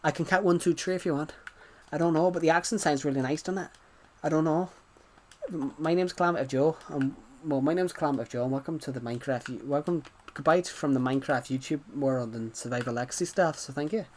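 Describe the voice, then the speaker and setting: A man's voice: fairly high pitch, fast, a little mellow, slight background noise, natural voice. A young man playing up a put-on Irish accent, rambling and repeating himself as he signs off. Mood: playful.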